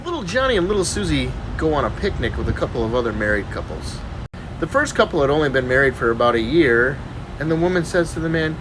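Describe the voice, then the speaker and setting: A man casually telling jokes, animated and acting out the characters. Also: fairly high pitch, fast talker, noisy background. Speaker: joke teller.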